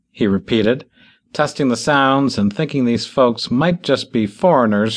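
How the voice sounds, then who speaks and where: A man narrating an audiobook in an expressive storytelling style. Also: medium pitch, unhurried. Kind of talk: scripted narration.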